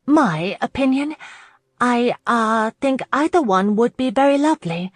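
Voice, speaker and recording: A woman's voice: fairly high pitch, expressive, unhurried, no echo, clean studio sound, voice pushed up. A woman voicing a nervous young noblewoman who hesitates and stammers in a storybook reading.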